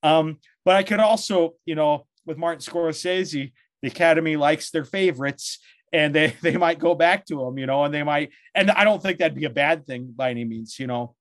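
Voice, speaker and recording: A man with a somewhat high voice talks on a podcast, thinking aloud and hesitating, leaning on "you know." The sound is dry with no room echo. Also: moderate pace. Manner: thoughtful, hesitant with fillers. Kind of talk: casual podcast chat.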